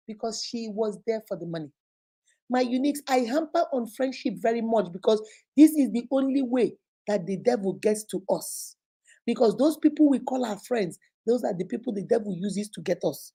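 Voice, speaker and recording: A Nigerian woman talks straight to her viewers in a casual vlog, with a fairly high, mellow voice. She tells stories in a lively way, drops into other people's voices and keeps a chatty, exclaiming manner. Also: moderate pace, husky. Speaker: online influencer host.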